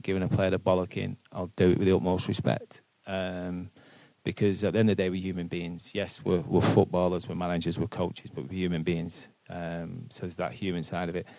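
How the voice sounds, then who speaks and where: A man's voice: low-pitched, creaky, mellow, dry recording. A man, a football manager answering questions earnestly at a live podcast, often repeating words as he thinks aloud. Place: boardroom with live audience.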